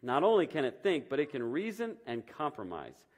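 A man's voice: mid-range voice, huge pitch swings, moderate pace, darkish tone. A man reading as the earnest Creator. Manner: earnest, explaining with fond pride. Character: patient, proud male Creator building mothers.

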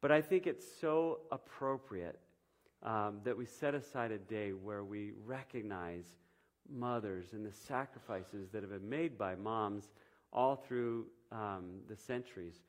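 A man's voice: fairly low pitch, a little slow. A man preaching a sermon in a church, conversational and loose, with frequent ums and restarts. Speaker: pastor.

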